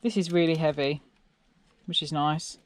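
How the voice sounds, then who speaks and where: A woman's voice: sits low, fairly even intonation, moderate pace. An English woman who makes scrapping videos, chatting in a rambling way as she tears down electronics and asks her viewers questions. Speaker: scrapping vlogger. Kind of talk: casual narration while tearing down electronics.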